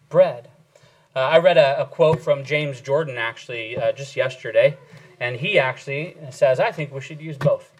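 A male pastor giving an earnest sermon lesson, pausing and restarting as he explains, then leading a prayer. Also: fairly high pitch, poor audio. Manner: earnest teaching with frequent fillers and restarts. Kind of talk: sermon teaching and closing prayer.

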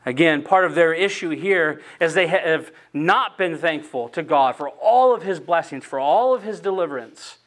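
High-voiced man preaching earnestly. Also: lively intonation, moderate pace, hardly any pauses, fairly bright tone. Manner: earnest expository preaching, reading scripture aloud with rising emphasis. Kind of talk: sermon.

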